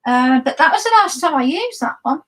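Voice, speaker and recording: A high-pitched woman talks through her painting brushes on a live stream. She rambles casually, full of ums and restarts, in an easy chat. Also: lively intonation, a little fast, slight background noise, rough recording. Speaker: guest watercolor artist.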